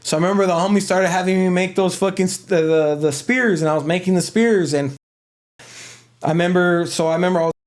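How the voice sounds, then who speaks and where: As an interview guest, this man spins a lengthy, rambling tale full of slang and filler words. He talks fast in a high-pitched voice.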